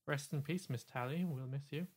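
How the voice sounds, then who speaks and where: A man's voice: on the high side, moderate pace, husky. A man co-hosting a casual chat show, riffing loosely and leaning on "like" as a filler. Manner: chatty, riffing, says "like" a lot. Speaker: podcast co-host.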